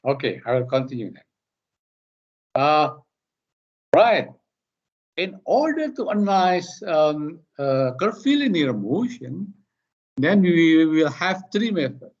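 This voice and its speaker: A man with an Indonesian accent lecturing online, halting and repeating words as he explains. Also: fairly high pitch, big pitch swings. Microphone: computer mic on a video call. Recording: muffled meeting-call audio.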